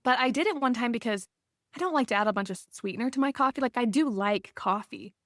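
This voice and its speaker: A woman's voice: fairly high pitch, expressive, fast, dry recording, clean studio sound. A woman co-hosting a podcast in casual chat, laughing often and talking with lots of fillers. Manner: chatty, laughs often, many likes and fillers. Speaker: podcast co-host.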